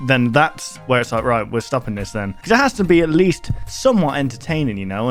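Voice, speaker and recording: A young man hosting a casual reaction video, rambling and poking fun at himself as he reads on-screen text aloud. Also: medium pitch.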